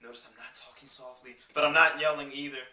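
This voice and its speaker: A man giving a singing lesson, explaining clearly and demonstrating vocal scales on simple syllables. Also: on the high side, steady tone, fast talker, bright, forceful tone, recorded from a distance. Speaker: singing teacher. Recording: roomy sound with piano behind. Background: piano accompaniment.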